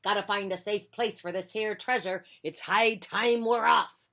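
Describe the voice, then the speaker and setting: A woman voicing a loud, boisterous male pirate captain with swaggering pirate talk, in a children's storybook reading. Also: medium pitch, steady tone, measured pace, voice pushed up.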